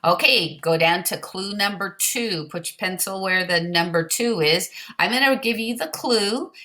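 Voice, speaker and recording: A woman teacher with a medium-pitched, bright, forceful voice gives young pupils slow, clear and patient instructions. It's a recorded lesson built around a word game.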